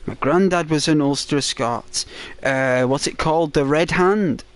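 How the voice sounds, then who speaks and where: A man from England hosts a relaxed game livestream and reads out viewers' comments as he goes. He talks at an unhurried pace in a slightly raised voice, greeting each viewer by name and cheering them on. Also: a little high, clean tone. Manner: chatty, encouraging, addresses chat by name. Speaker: gaming livestreamer. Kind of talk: casual chat reading viewer comments.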